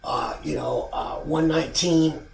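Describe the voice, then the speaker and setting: A man's voice: fairly high pitch, huge pitch swings, a little slow, gravelly. A man in his forties telling a rambling, profane story from his own past in a casual vlog. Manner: rambling, profane, restarts a lot. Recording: roomy sound, far from mic.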